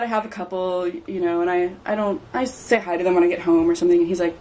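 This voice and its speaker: A woman's voice: fairly low pitch, fast talker, darkish tone, slight background noise. A woman guest on a podcast, chatting casually and telling anecdotes with a laugh. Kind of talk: casual chat.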